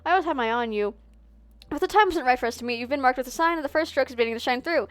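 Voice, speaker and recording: A woman's voice: high-pitched, racing, no room sound, close to an everyday voice. A woman reading the lines of an enigmatic, aloof young man who talks in a mysterious way. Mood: cryptic.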